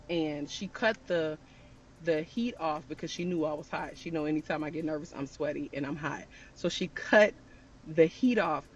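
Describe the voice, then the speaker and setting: A woman telling a personal story in a chatty storytime style, talking straight to her viewers. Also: deep voice. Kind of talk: casual storytime.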